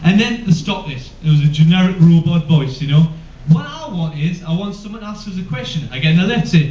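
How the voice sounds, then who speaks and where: A man's voice: a little high, animated, a little fast, warm tone. A man performing live stand-up comedy, rambling and hesitant with many ums. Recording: echoey room, distant mic, dull lo-fi.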